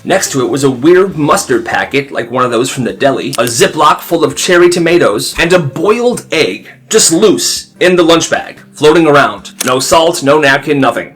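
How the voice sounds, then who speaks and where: A man telling stories in a dramatic, animated way, storytime style. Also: a little high. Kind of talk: storytime narration.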